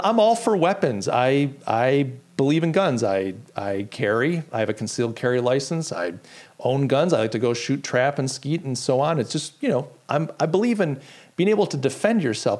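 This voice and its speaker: A man hosting his own podcast, talking casually and reading out comments from a live chat. He tells stories with indignant energy and keeps restarting his sentences. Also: mid-range voice. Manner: animated, indignant storytelling with lots of restarts. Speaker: podcast host.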